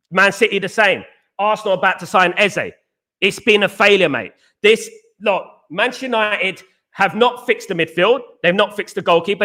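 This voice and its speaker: A man's voice: sits high, pushed and bright. A British man hosting a casual live stream, talking emphatically, repeating himself and reading viewer comments aloud. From Britain.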